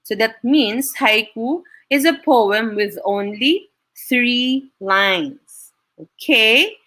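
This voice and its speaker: A Filipina teacher with a bright, crisp voice, speaking slowly and deliberately over a video call. She talks a little high and keeps checking in with her students with "no?" and "okay?". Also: animated. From Philippines. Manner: encouraging, frequent "no?" tag questions. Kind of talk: online class teaching.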